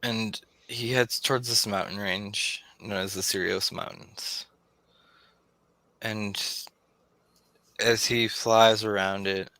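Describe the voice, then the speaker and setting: A man narrating a tabletop game as game master in slow, dramatic storytelling. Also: lowish voice, sharp tone, dry recording.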